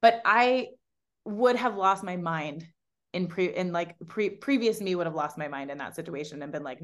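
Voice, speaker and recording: Animated woman telling a story. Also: lowish voice, normal speed. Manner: lively, animated storytelling with voiced quotes. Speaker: guest, pro bikini competitor. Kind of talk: casual storytelling chat.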